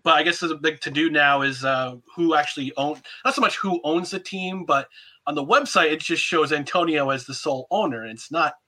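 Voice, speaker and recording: A man hosting a sports podcast, speaking casually and haltingly with fillers. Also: on the high side, pushed and bright. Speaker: podcast host.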